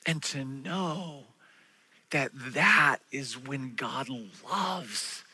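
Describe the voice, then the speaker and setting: A man preaching a sermon, telling stories with animated delivery and acting out the voices of the people in them. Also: mid-range voice, drawn-out words, slightly rough. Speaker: pastor.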